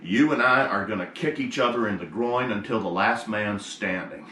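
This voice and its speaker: A man voicing a big burly male country farmer who talks slow and blunt, in a roomy space. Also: on the low side, pushed and bright, a little hiss or hum. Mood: gruff. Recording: roomy echo.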